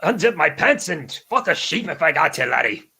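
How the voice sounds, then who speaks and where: A man's voice: a little high, very animated, a little fast, gravelly, bright, forceful tone, husky, exaggerated voice. A man putting on a crude mock Scottish drunk. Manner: crude, mocking.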